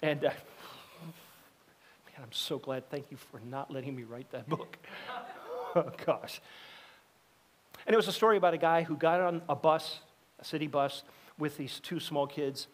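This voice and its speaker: A man's voice: on the high side, normal speed, a bit bright, slight background noise. A middle-aged man preaching a sermon as a pastor, talking conversationally and acting out the voices of people in his stories. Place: church sanctuary.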